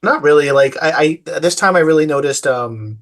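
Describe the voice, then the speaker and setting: A man's voice: fairly high pitch, moderate pace, a bit bright. A man chatting casually as a podcast guest, easygoing and rambling, laughing easily. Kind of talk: casual film discussion chat.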